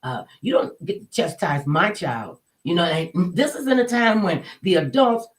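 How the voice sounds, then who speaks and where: Woman storyteller, casual and colloquial, animated, acts out her quotes. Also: fairly low pitch, normal speed, poor audio.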